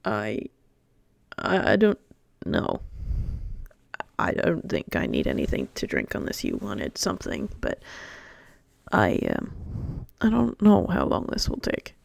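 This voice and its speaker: A woman voicing a shy, nervous young male toon who stammers softly. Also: extremely low pitch, wildly swooping pitch, slow pace, creaky, pauses often, dry recording, voice pushed down, heavily acted. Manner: hesitant, stammering, soft.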